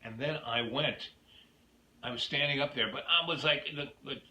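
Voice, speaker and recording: A man's voice: medium pitch, moderate pace, bright, forceful tone. A man hosting his own video, telling a rambling personal story that drifts off into opinions. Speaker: YouTube host. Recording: echoey room with faint noise.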